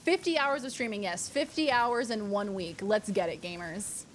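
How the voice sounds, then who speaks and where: A woman's voice: mid-range voice, normal speed, a little hiss or hum. A woman streamer chatting casually and thanking viewers in a bubbly, talkative way. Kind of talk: casual live-stream chat.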